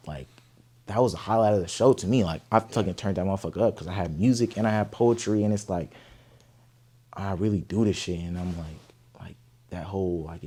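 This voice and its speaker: A young man from Oakland, telling a story in an interview, animated, profane and emphatic. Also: low-pitched. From Oakland, California. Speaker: guest artist.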